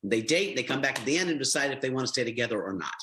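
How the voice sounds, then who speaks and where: Middle-aged male TV host, bright forward tone, easy anecdotal interview delivery. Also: medium pitch, racing, slight background noise, poor audio. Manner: affable storyteller, animated. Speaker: reality show host. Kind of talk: TV interview answers.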